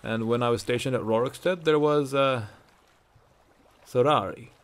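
A man voicing an older male Nord ex-legionnaire who boasts and teases, gruff and matter-of-fact. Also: medium pitch, moderate pace, lightly acted. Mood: joking.

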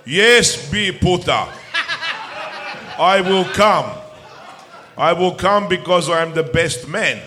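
A man's voice: sits high, expressive, slow, long pauses, background noise. A man voicing a pompous, boastful male racer, grandly formal and chuckling as he reads. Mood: grandiose. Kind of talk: comic impression reading a message.

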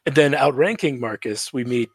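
A man's voice: mid-range voice, normal speed, slightly rough, no echo. A man chats casually, recapping a cartoon and slipping into quoted voices as he jokes along. The sound is dry and close, with no room around it. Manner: joking, animated storytelling with quoted voices. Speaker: podcast co-host recapping a cartoon. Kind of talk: casual chat.

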